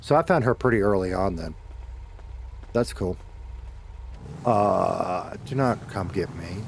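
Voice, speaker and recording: A man's voice: deep voice, animated, slow, creaky, a little hiss or hum. A middle-aged man streaming a game from home, chatting casually with viewers, rambling and swearing as he corrects himself. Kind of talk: casual chat while gaming.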